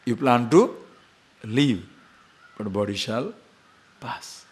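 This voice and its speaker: A man teaching scripture, emphatic and full of rhetorical questions, sometimes chanting verses slowly. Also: medium pitch, animated. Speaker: spiritual teacher. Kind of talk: lecture on scripture.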